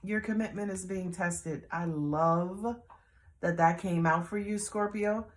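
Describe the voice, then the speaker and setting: A woman with a Southern US accent giving a casual tarot reading, blunt, animated and full of cursing. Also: fairly low pitch, a little slow. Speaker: tarot reader.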